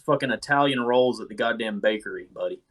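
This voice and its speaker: A man's voice: mid-range voice, fast, crowd noise. A man co-hosting a podcast, bantering and teasing his friends with profane jokes. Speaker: podcast co-host. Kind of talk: casual wrestling chat.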